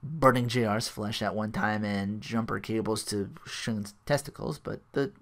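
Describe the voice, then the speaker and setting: A man's voice: lowish voice, unhurried. A man hosting a podcast, casually recapping a show in a rambling way, full of restarts and asides. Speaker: podcast host.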